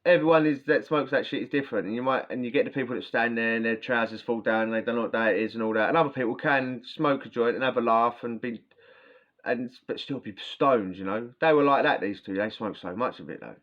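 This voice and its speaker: A man's voice: medium pitch, quick pace. Rambling slangy man, lo-fi. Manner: rambling, slangy, swearing, frequent "yeah?" tags. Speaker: vlogger recounting prison stories. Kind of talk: casual storytelling to camera. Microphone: camera mic, talking to camera.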